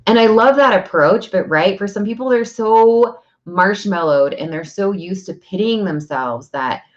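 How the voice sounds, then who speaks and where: A woman's voice: mid-range voice, measured pace, muffled recording. A woman giving a casual, earnest talk on energy healing, speaking directly and asking herself rhetorical questions. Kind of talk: casual spiritual talk to camera.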